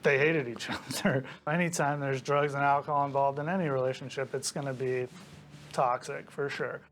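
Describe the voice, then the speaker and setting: A man's voice: mid-range voice, fairly even intonation, moderate pace, a bit bright, faint music behind. Blunt, emphatic man interviewee. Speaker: victim's brother.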